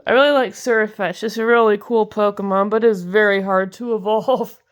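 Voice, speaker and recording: Her mid-range voice is smooth, with fairly even intonation and a moderate pace, though the recording sounds muffled. She's a young card-collecting video host casually opening trading card packs, giggling and gushing over favorites.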